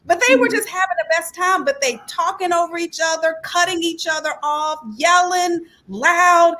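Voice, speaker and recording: A woman from Texas, the pastor's wife, telling a lively personal story in casual conversation. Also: very high voice. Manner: storytelling, lively, quick laughs.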